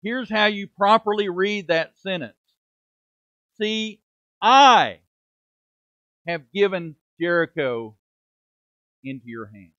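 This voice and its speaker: High-voiced emphatic middle-aged preacher. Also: male voice, fairly bright tone, no room sound, dull audio. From United States. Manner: emphatic preaching with rhetorical questions and dramatic drops in volume. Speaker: preaching minister. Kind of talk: sermon. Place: church sanctuary.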